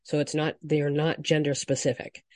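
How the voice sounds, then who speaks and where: A woman hosting a solo dating podcast, reacting with frank, profane indignation and swinging between quiet emphasis and loud outbursts. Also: low-pitched, level tone, moderate pace, dry recording, clean studio sound. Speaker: dating coach podcast host.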